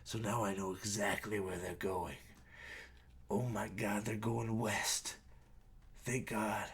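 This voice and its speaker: A low, hushed voice plays a smug villain muttering to himself, as a man puts him on. He gloats quietly with mocking relief. The tone is a deliberate parody. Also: level tone, creaky, breathy edge, full character voice. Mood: gloating.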